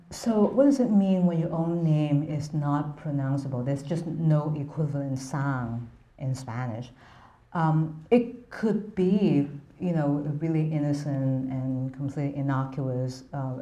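A woman's voice: low-pitched, unhurried, mellow. A woman giving an academic lecture in a hesitant way, full of ums and restarts. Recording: roomy echo.

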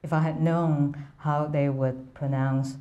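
A woman's voice: low-pitched, level tone, slow pace, warm tone, muffled recording. A woman reading aloud the lines of a jovial male Russian general from a novel. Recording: roomy echo.

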